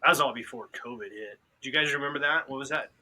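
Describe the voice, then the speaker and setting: A man in a casual podcast chat, an animated storyteller who acts out what others said. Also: mid-range voice, fast, slightly rough. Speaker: podcast participant.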